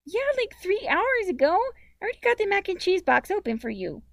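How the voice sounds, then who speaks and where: A woman's voice: sing-song, fairly quick, gravelly, no room sound, exaggerated voice. A woman voicing a whiny, demanding nine-year-old girl, the younger sister. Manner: whiny, shrill, loud.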